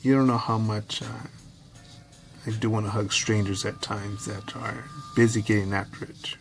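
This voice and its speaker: A man giving a rambling, candid personal monologue to camera, swearing at times and slipping into quick impressions of others. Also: fairly low pitch, little pitch movement, soft background music. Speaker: vlogger.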